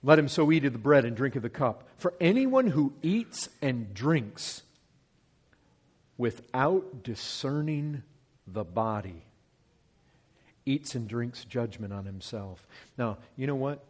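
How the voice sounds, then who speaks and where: A man preaching a sermon, working through scripture verse by verse. He swings from loud, pressing emphasis to hushed, slowed lines. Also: medium pitch, expressive, husky.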